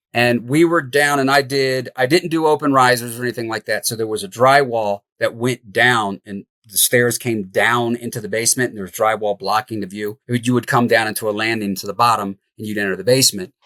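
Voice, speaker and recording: Middle-aged male guest, lively raconteur with a mid-range voice, dry close sound. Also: mid-range voice, no room sound. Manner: animated, laughs through the tale. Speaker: podcast guest, house flipper. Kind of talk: storytelling in an interview.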